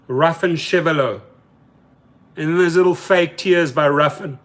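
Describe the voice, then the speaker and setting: A man's voice: fairly high pitch, a little slow, fairly bright tone. A man hosting a live stream in casual talk, reading viewer comments aloud and speaking in heated, colloquial terms. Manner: heated, mocking.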